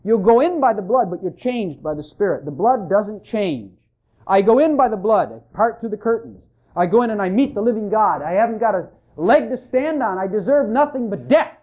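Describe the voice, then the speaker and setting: An emphatic preacher drives a church sermon along, repeating lines and calling out to the listeners. The voice rises and falls with a lively, swinging pitch. It comes through a narrow, tinny recording that sounds like a phone line. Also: normal speed. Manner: fervent, emphatic, repeats phrases and calls out to the congregation.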